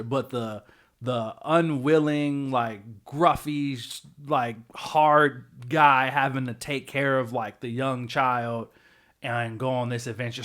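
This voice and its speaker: A man co-hosting a pop culture podcast talks in loose, casual chat. He rambles through his ideas and leans on filler words as he goes. His voice sits at an ordinary middle pitch. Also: a bit bright. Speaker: podcast co-host.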